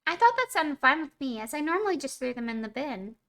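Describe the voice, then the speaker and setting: Bright lively woman reading a bedtime story. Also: high-pitched, a little fast. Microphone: streaming mic.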